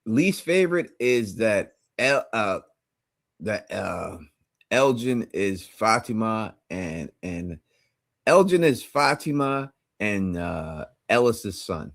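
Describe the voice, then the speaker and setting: Lively-pitched male co-host. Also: slow pace, vocal fry. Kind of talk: casual chat.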